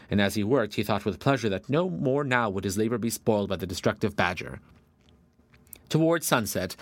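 A man narrating a storybook folktale in a steady, measured way. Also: fairly low pitch, no room sound.

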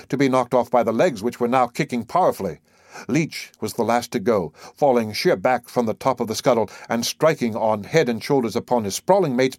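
Guy reading an audiobook, steady deliberate pace, mid pitch, super dry close mic. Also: dry recording. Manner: measured, deliberate storytelling. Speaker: audiobook reader. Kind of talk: scripted narration.

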